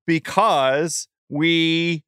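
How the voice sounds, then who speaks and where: A man hosting a podcast, chatting casually about food, animated and laughing, with stumbling restarts. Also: on the high side, very slow, clear, resonant tone, no room sound, clean studio sound. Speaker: podcast host.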